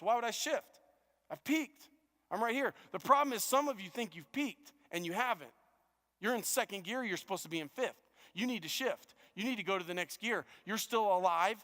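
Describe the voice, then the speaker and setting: Male pastor, fairly high voice, earnest sermon delivery with stammered restarts, heard with long church-hall reverb. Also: sharp tone. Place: church auditorium.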